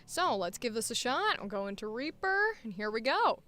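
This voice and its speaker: A woman's voice: fairly high pitch, very animated, moderate pace, pushed and bright, soft background music. A woman voice actor chatting casually while preparing auditions, thinking aloud and interrupting herself. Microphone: headphones monitoring at a home recording setup.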